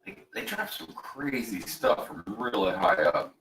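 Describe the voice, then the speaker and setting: A man's voice: mid-range voice, huge pitch swings, measured pace, creaky, fairly bright tone, slight background noise. Laid-back man in his forties, roomy and distant. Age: 40s. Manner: rambling, laid-back, laughs easily, reads chat aloud. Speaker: host of a building livestream. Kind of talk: casual livestream chat.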